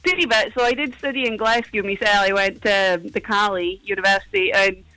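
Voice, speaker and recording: A woman's voice: mid-range voice, fairly even intonation, fairly quick, sharp tone, dry recording, soft background music, poor audio. A young woman from Shetland with a broad Shetland accent, chatting cheerfully as a caller on the phone. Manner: giggly, chatty, broad dialect. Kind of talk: casual chat.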